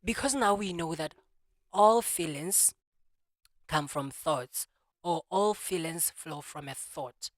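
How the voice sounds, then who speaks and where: A man hosting a solo podcast, talking through his thoughts in a reflective way and often pausing to search for words. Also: a little high, dry recording. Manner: thoughtful, searching for words, many restarts and "you know"s. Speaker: podcast host.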